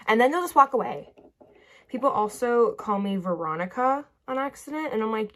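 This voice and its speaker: A young woman does her makeup at a ring-lit bedroom vanity while vlogging casually, her voice on the high side and expressive at a moderate pace. She rambles chattily, drifting into tangents and filling her talk with "like."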